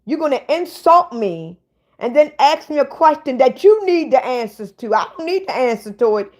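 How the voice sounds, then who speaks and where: Woman w/ aave on a live stream, swearing and calling out trolls, kinda high voice. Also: very animated, moderate pace. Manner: blunt, profane, ranting at viewers. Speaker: livestream host. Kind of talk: casual livestream chat.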